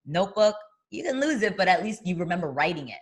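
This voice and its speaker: A woman's voice: fairly low pitch, fast talker, breathy edge. A woman, a boxing broadcaster, chatting as an interview guest and telling a story, acting out what people said. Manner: lively storyteller who acts out quoted voices; frequent fillers and restarts. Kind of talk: casual interview chat.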